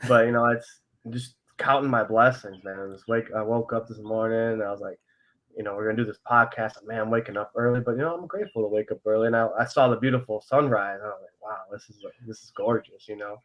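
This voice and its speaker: Young male podcast co-host, low voice, candid, rambling, filler-heavy. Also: fast, dull audio. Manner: earnest and open about feelings. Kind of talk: casual podcast chat.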